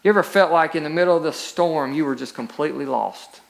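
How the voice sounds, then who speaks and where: A man with a fairly high voice preaches a sermon as pastor. He moves between steady scripture reading and emphatic, rising peaks of exhortation. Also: fast, creaky.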